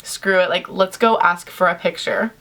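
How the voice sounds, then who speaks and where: A young woman telling a story to camera in a chatty, animated way, full of "like" fillers. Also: fairly low pitch, moderate pace, slight background noise. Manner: chatty, animated, heavy use of "like". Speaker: vlogger.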